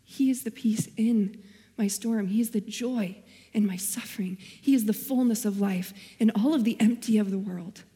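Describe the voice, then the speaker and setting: A woman's voice: medium pitch, moderate pace, mellow, in a large hall. A young woman giving a sermon as a guest speaker, telling her own story earnestly and quoting scripture. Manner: earnest, personal storytelling with Bible quotes.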